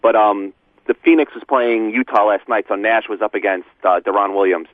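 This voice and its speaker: A man's voice: lowish voice, fairly even intonation, moderate pace, no room sound. A man calling in to a sports radio show, talking casually with hesitant fillers. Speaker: caller. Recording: tinny dry phone line.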